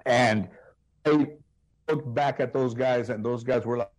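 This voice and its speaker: A man with a Chicano English accent, a comedian guest telling animated anecdotes full of quoted voices and restarts. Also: mid-range voice, measured pace. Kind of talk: storytelling interview.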